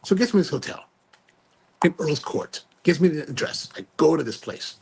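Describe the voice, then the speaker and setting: A male podcast host telling a story in a casual, animated way, full of slang and restarts. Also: a little high, normal speed, vocal fry, a little hiss or hum.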